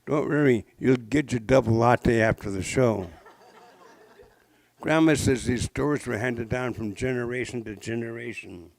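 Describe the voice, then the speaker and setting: A man's voice: medium pitch, normal speed, creaky, darkish tone, dry recording, low-quality recording. A man in his sixties from the Pacific Northwest, telling traditional legends to a live audience with playful jokes and questions. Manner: playful, interactive, jokey asides. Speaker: traditional storyteller. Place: public library talk.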